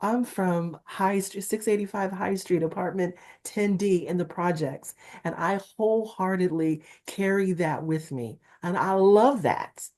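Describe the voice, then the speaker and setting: Low, mellow-voiced woman with Valley-girl lilt. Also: measured pace, few pauses. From Newark, New Jersey, USA. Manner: Valley-girl-like delivery, animated and emphatic. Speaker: talent agent guest. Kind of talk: candid interview conversation.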